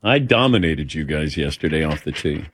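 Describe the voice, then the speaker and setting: A man's voice: rumbling low, lively intonation, normal speed, a bit bright, no echo, clean studio sound. A man hosting a sports talk show, telling anecdotes in a casual way and acting out the dialogue. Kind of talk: casual radio show storytelling. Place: radio studio. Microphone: studio microphone.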